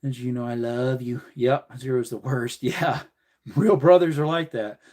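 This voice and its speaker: A man's voice: mid-range voice, fairly even intonation, a little slow, a little mellow. Joking man chatting on a livestream. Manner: joking, chatty, answers viewer comments while working. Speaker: livestream host. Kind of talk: casual live stream chat.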